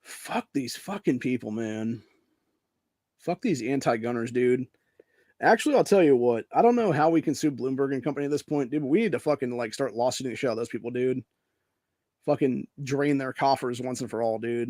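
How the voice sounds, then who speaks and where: A man's voice: medium pitch, fairly quick, dark tone, no echo, studio quality. An American man hosting a podcast, ranting angrily and profanely in casual speech, peppering his lines with "dude" and "man.". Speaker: podcast host. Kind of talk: angry political rant.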